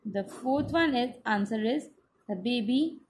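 A woman teacher with an Indian English accent, giving a slow, patient class lesson that spells out each step. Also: on the high side, animated, darkish tone, a little hiss or hum.

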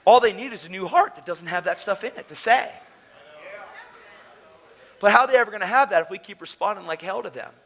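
Man, preacher, high voice, sharp tone, passionate, loud then hushed, stage mic. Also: animated, fairly quick, long pauses, low-quality recording. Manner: passionate, emotional, swings between loud and hushed. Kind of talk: conference sermon. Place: conference hall.

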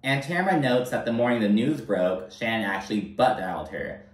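A man recapping a reality TV episode in a blunt, animated, profane way. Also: on the low side, brisk. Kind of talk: casual commentary. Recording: roomy echo, mic held at a distance.

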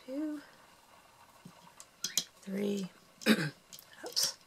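Over a noisy background, a woman with an animated, medium-pitched voice draws out her words as she teaches how to make a loom bracelet. She counts each step aloud, adds chatty remarks, and seems slightly breathless.

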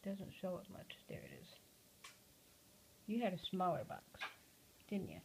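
A woman at home talking to her pet parrot in a casual home video, cooing softly and often dropping to a hush. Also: on the low side, wildly swooping pitch, measured pace, creaky, long pauses, a little hiss or hum, low-quality recording. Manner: soft, cooing talk to a pet, often hushed.

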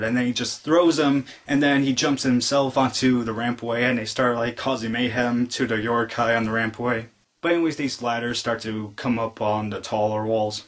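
A man talks through a movie review in a relaxed, unscripted way. His voice sits at an ordinary middle pitch. He leans on constant fillers and breaks into eager bits of acting out what the characters say. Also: a little fast. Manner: rambling retelling full of "like" fillers; excitedly re-enacts quoted lines. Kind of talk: casual spoken film review.

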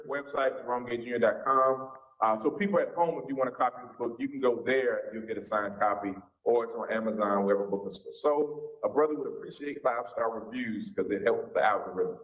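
A man's voice: mid-range voice, fairly quick. A pastor in his forties with a Southern US accent, teaching a church seminar in a folksy, informal way. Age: 40s. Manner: folksy, informal preacher's talk. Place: church sanctuary. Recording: echoey, dull church recording.

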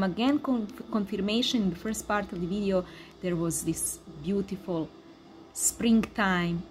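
A woman who speaks English as a second language, giving a tarot card reading in an emphatic, repetitive way with excited exclamations. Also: mid-range voice, a little hiss or hum. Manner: non-native English speaker. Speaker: tarot reader.

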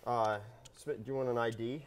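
A man's voice: medium pitch, fairly even intonation, brisk, a little hiss or hum. A man performing in a live improv comedy scene, hesitant and apologetic.

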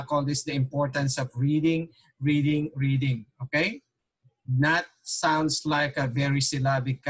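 A man's voice: mid-range voice, slightly rough. A man with a Filipino accent, a native Tagalog speaker, teaching a patient online language lesson and checking in with "okay?" after nearly every point.

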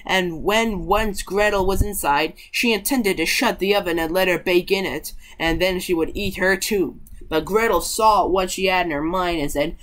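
A woman with a slightly bright, lowish voice reads a fairy tale aloud at a normal speed with few pauses. Her reading is unpolished, and she stumbles and corrects herself now and then.

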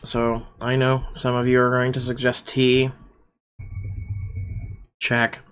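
A man's voice: medium pitch, completely flat delivery, slow, a bit bright. Congested man with a frog in his throat. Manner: keeps clearing his throat, rambling with fillers. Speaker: YouTuber reading a story game. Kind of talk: casual chat to viewers.

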